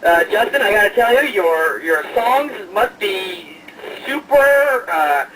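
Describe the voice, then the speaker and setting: A man's voice: sits high, lively intonation, slow, far from the mic, noisy background. A man hosting an online radio show, chatting casually and jokingly with lots of hesitations and fillers.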